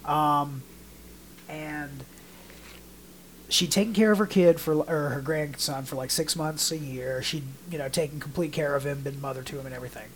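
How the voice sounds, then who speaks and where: There's slight background noise as a man with a voice on the high side talks at a moderate pace with fairly even intonation. Co-hosting a casual podcast, he rambles through stories and imitates quotes in mock voices.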